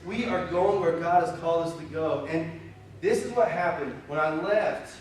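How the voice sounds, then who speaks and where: A young pastor preaches in a church sanctuary at a moderate pace, his slightly high voice echoing heavily and picked up from well back from the mic. Candid and animated, he tells personal stories packed with fillers and self-deprecating asides, a conversational sermon with faint hiss underneath.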